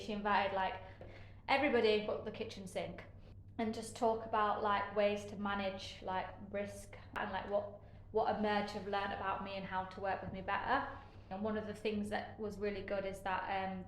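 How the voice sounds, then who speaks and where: Frank, halting woman in an echoey room. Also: mid-range voice, slight background noise. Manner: frank, halting, with many fillers; sarcastic edge. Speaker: interviewee sharing care experiences. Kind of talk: candid personal account.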